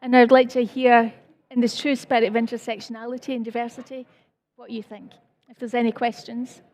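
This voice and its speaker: Scottish woman, high register, conference speaker; earnest, self-deprecating, apologizes often. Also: level tone, brisk, darkish tone. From Scotland. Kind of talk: conference presentation.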